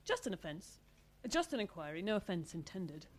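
A woman's voice: on the low side, big pitch swings, normal speed, slight background noise. Woman doing a cool, probing older father. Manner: coolly probing, dry. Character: stern older English father, suspicious.

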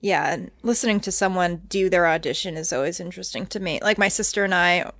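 A woman guest chatting casually on a podcast, relaxed and trailing off as she talks. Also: on the low side, quick pace, no room sound, studio quality. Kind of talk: casual chat.

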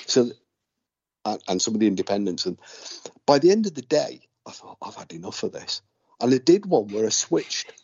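A man's voice: fairly low pitch, normal speed, creaky, slightly rough, dry recording, muffled recording. A man from Aberdeen with a Scottish accent, a podcast co-host chatting casually and telling anecdotes with lots of laughter. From Aberdeen, Scotland. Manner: animated storyteller, laughs often, acts out callers. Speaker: podcast co-host, ghost investigator. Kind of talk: casual chat.

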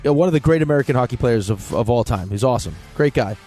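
A man co-hosting a sports talk show, an animated storyteller who stammers when excited. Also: medium pitch, fast, faint music behind. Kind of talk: casual sports chat.

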